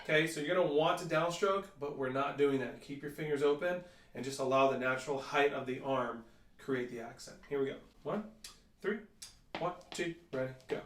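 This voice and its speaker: A man's voice: medium pitch, fairly even intonation, fairly quick, very noisy. A man teaching drum technique, counting beats aloud and calling out stickings. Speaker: percussion teacher. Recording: echoey room, mic at a distance, loud drumming.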